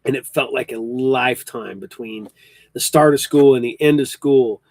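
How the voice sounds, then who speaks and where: A man's voice: medium pitch, normal speed, a little mellow, no room sound. A man in his early fifties hosting a podcast, chatting casually and rambling with frequent ums and restarts, hiccuping now and then. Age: 50s. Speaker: podcast host. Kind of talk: casual chat.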